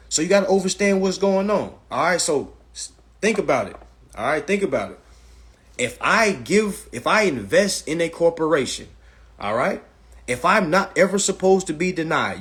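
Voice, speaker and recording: Male livestream host, husky, blunt and profane, lecture-style. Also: on the high side. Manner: blunt, profane and lecturing, repeats "all right". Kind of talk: casual livestream talk. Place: indoors, livestream.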